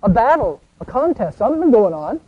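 An older man teaching a Bible class in a folksy way, asking the group questions and answering them himself, and reading scripture aloud slowly and with emphasis. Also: very high-pitched, big pitch swings, husky, dull audio. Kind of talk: conversational Bible study teaching.

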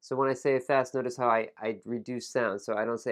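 A man leads a pronunciation lesson at a middle pitch. He models words slowly and deliberately, then drops into relaxed, casual explanations between the drills. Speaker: English pronunciation teacher.

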